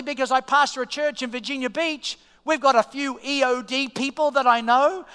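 High-voiced Australian pastor preaching in a hall. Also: male voice, smooth. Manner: animated storyteller, swings from hushed asides to loud excited peaks. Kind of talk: sermon with personal storytelling. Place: church auditorium. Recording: long reverb of a large church hall.

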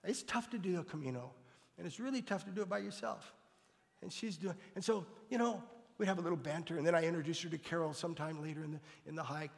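A man's voice: a little high, fast, vocal fry, long reverb tail. An older man, a pastor, telling a personal story in an earnest, conversational way. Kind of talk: storytelling sermon.

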